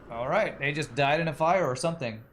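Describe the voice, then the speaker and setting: A man's voice: fairly high pitch, brisk, a bit bright, slight background noise. A man streaming a video game, musing aloud and chatting with his viewers. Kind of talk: casual gameplay commentary.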